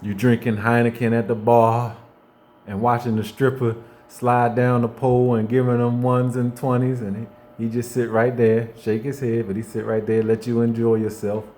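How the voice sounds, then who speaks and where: A man giving an unscripted faith monologue in a folksy, conversational way. He repeats himself and restarts often, moving between hushed reflection and fired-up bursts. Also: mid-range voice, little pitch movement, normal speed, slight background noise. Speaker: motivational faith speaker.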